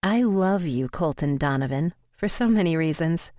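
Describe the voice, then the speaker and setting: A woman narrates a first-person romance audiobook in an intimate, emotional way. Her voice sits a little on the low side. The recording is dry and close, with no room sound. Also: expressive, moderate pace, darkish tone, no echo.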